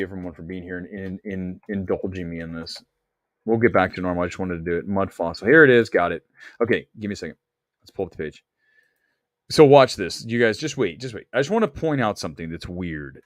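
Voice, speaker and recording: A man hosting a movie talk livestream, rambling excitably while he stalls and searches on his computer. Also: low-pitched, no echo, studio quality. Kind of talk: casual livestream chat.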